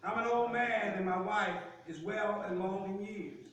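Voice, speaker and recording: A man preaching a sermon in a church sanctuary, with call-and-response delivery that rises to shouts on key lines. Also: sits high, unhurried, slight background noise. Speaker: pastor. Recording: echoey church sanctuary from far off.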